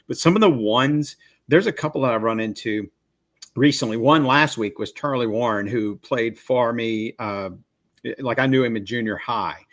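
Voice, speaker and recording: A man hosting a podcast, chatting in an easygoing, affirming way and telling stories about former students he coached, over a video call. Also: fairly low pitch. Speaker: podcast host. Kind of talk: casual interview chat.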